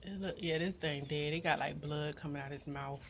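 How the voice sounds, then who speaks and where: A woman's voice: deep voice, steady tone, brisk, slight background noise. A woman vlogging on her outdoor balcony. She talks to her viewers in a jittery, nervous way, often murmuring under her breath and then letting out sudden yelps. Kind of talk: casual vlog talk to viewers.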